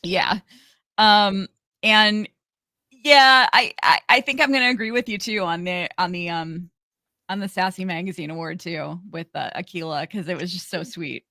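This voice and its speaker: Bright-voiced female podcast co-host, giggly and halting, dry close mic. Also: lowish voice, no echo. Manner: giggly, halting, many restarts. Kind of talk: casual podcast chat.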